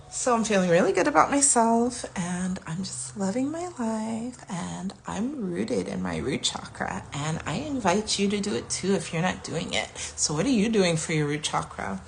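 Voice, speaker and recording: A woman around forty, talking candidly and warmly about her self-healing in a casual vlog, sometimes dropping to a soft whisper. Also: mid-range voice, big pitch swings, normal speed, gravelly, hardly any pauses, a little hiss or hum. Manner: chatty, candid, self-affirming. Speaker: vlogger.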